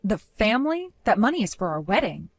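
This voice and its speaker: Playing a calm young woman protecting her savings in a story drama, an actress speaks firmly, deliberately and articulately. Her pitch is medium, and there's no room sound.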